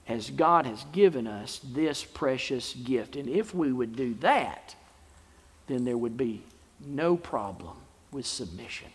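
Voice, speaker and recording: Husky male pastor preaching in a reverberant hall. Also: medium pitch, animated, takes it slowly. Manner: preaching with rising emphatic bursts and softer prayerful close. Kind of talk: sermon. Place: church sanctuary.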